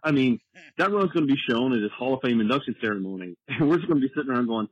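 A man's voice: mid-range voice, animated, rapid-fire, husky, no room sound, dull audio. A man leaving an irritated, profane voicemail rant as a caller.

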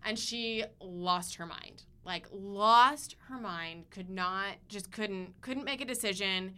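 Bright-voiced woman telling a story. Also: mid-range voice, takes it slowly, clear, resonant tone. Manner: chatty storytelling, fillers and restarts. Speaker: podcast co-host. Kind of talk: casual chat.

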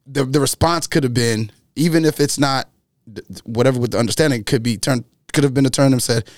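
A man in a casual group discussion who stumbles through restarts and then explains calmly. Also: mid-range voice, a little fast, dry recording, clean studio sound.

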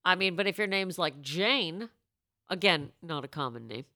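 A woman co-hosting a podcast in casual comedic chat, quick with jokes and laughing often. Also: fairly low pitch, expressive, sharp tone. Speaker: podcast co-host.

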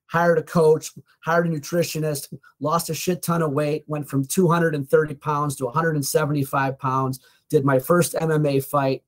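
A man with a voice a little higher than most men's tells a personal story as a podcast guest. He speaks earnestly and frankly, dropping the odd swear word like a motivational speaker recalling a turning point.

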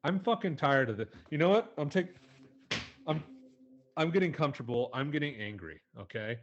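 A man's voice: mid-range voice, expressive, normal speed, lo-fi sound, slight background noise. A young man co-hosting a podcast, delivering a heated, profane comedic rant with a mocking edge. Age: young adult. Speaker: podcast co-host.

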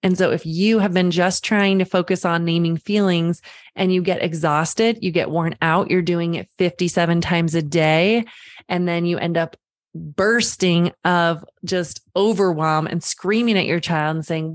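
A woman's voice: lowish voice, fairly even intonation, unhurried, no room sound, clean studio sound. A woman parenting coach giving direct advice to the listener, reassuring and calling them friend. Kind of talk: direct-to-camera advice talk.

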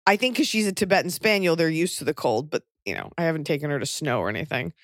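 A pregnant woman hosting a podcast, talking in casual chat with wry, deadpan jokey rants. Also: sits low, quick pace, dry recording, clean studio sound. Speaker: podcast host and touring comedian.

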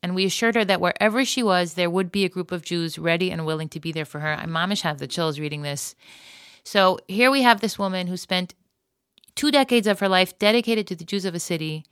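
A woman's voice: on the low side, a little fast, a bit bright, clear, resonant tone, no echo, clean studio sound. A woman hosting a podcast, retelling a moving story in an earnest, emotional way and using Hebrew and Yiddish words. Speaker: podcast host.

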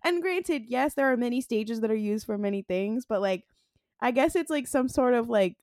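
A woman's voice: on the high side, expressive, normal speed, darkish tone, dry recording, studio quality. A woman co-hosting a casual podcast, rambling and hesitant, trailing off with fillers. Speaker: podcast co-host.

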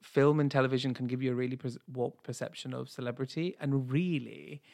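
A man's voice: medium pitch, fairly even intonation, fairly quick, gravelly, a little mellow. A man with an English accent, co-hosting a podcast and telling stories in playful, casual chat. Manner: chatty, playful, storytelling. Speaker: podcast co-host, drag performer.

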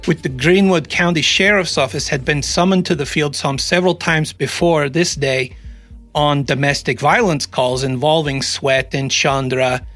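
A man's voice: fairly high pitch, normal speed, fairly bright tone, no room sound, faint music behind. A man hosting a podcast, chatting casually and narrating a true-crime story with sarcastic asides. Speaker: podcast host.

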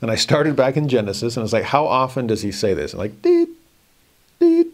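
A man's voice: mid-range voice, expressive, fast talker. A man, a religion teacher, giving a personal devotional talk and acting out his own inner dialogue as he tells the story.

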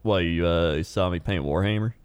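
Low-voiced, easygoing man co-hosting. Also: fairly quick, clean tone, no echo, clean studio sound. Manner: easygoing, rambling, laughs a lot. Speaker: podcast co-host. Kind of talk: casual comedic chat.

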